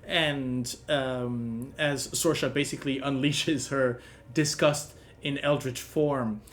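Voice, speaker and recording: Halting, slow game master man. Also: mid-range voice, fairly even intonation, fairly bright tone, slight background noise. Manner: halting, full of ums and restarts. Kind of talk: narrating a tabletop game.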